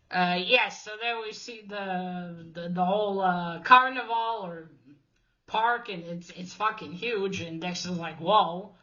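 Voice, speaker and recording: Woman, casual comic recap, slow-paced, rambling, swears freely, dull lo-fi audio. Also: lowish voice, pushed and bright. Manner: rambling, swears freely, many restarts and fillers. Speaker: comic review host.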